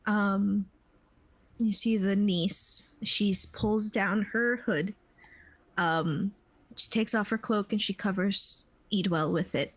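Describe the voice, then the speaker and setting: A woman narrating a tabletop game as game master, unhurried and searching for words. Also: medium pitch, fairly bright tone, dry recording, low-quality recording. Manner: unhurried, with many fillers and restarts.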